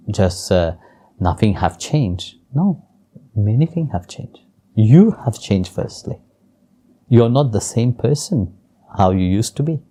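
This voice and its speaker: A man telling a devotional story in an interview and teaching with gentle, chuckling warmth and simple, non-native phrasing. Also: lowish voice. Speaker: spiritual teacher.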